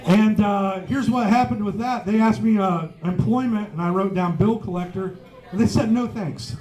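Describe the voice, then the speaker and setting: A man's voice: high voice, moderate pace, mellow. A man doing a stand-up set on a pub stage, swearing freely and chuckling at his own jokes. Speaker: stand-up comedian. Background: faint live audience.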